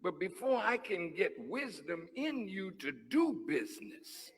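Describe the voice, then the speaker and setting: A man preaching a sermon, teasing and conversational, dropping to hushed asides and then rising to shouts. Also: high voice, big pitch swings, unhurried, breathy edge. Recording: long hall reverb.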